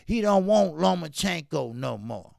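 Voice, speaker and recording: This man hosts a boxing talk stream, reading his chat and greeting viewers amid a fierce, profanity-heavy rant full of repetition. He speaks on the high side at a measured pace, very animated, with a creaky, slightly mellow tone. There's no room sound, just a clean studio recording.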